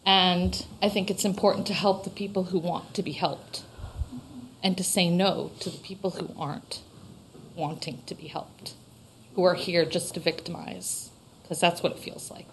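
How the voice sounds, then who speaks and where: A woman's voice: lowish voice, steady tone, moderate pace, slight background noise, poor audio. Earnest emotional woman from Vermont. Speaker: local shop owner giving public comment. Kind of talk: public comment at a town meeting.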